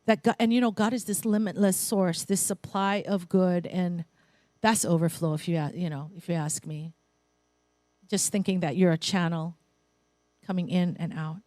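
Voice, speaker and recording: A woman's voice: fairly low pitch, fairly even intonation, normal speed, dark tone, no room sound. A woman speaking to a spiritual center congregation in a chatty, playful sermon full of asides and small laughs. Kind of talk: conversational sermon.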